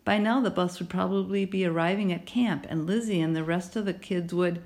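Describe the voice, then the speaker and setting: A woman narrating a children's novel in an expressive storytelling manner. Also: on the low side, a little fast. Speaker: audiobook narrator.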